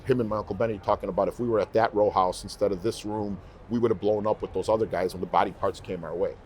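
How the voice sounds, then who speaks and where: In a casual interview, a professional singer tells heartfelt stories, repeating phrases to stress them. His voice is lowish, steady and a little mellow, and he talks fast with hardly any pauses over slight background noise.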